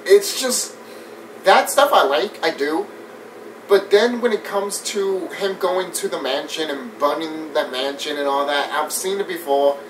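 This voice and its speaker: A man giving a casual, animated movie review rant. He swears often, laughs a lot and mimics scenes as he talks. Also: a little high, a little slow. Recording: distant mic with faint background noise.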